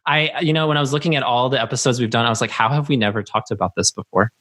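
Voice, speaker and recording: A man's voice: medium pitch, rapid-fire, fairly bright tone. A man hosting a podcast in casual chat, talkative and rambling, laughing often. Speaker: podcast host.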